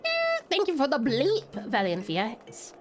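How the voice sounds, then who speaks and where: A woman's voice: high voice, wildly swooping pitch, a little slow. A young woman streaming a game, bubbly and affectionate as she thanks her chat and curses now and then. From Tasmania, Australia. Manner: bubbly, affectionate, swears casually. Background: game music.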